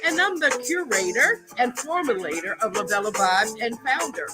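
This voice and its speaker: High, lively woman hosting a livestream. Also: normal speed, music in the background. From Southern US. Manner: exuberant, hype-building, talks to viewers directly, repeats herself. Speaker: livestream host and product founder. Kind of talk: upbeat live-stream chat.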